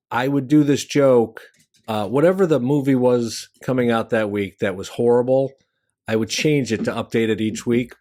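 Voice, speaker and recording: Middle-aged male comedian, animated storytelling host, average-pitched voice. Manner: animated storyteller who jumps high in pitch for punchlines; conversational, with fillers and restarts. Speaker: stand-up comedian and show host. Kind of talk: storytelling monologue about comedy craft.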